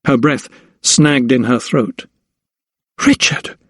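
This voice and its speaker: A man reading an audiobook as narrator, in measured storytelling. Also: medium pitch, fairly even intonation, dry recording, studio quality. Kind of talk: scripted narration.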